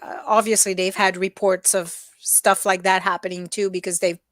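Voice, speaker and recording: A woman co-hosting a casual morning chat, talking in a relaxed, rambling way with many restarts. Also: mid-range voice, normal speed, dry recording, clean studio sound. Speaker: co-host.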